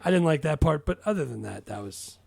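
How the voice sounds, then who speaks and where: A man's voice: a little high, lively intonation, a little fast, gravelly, a little mellow, husky. A man who works as a teacher, co-hosting a casual movie podcast and tossing in jokey asides with frequent laughs. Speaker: podcast co-host.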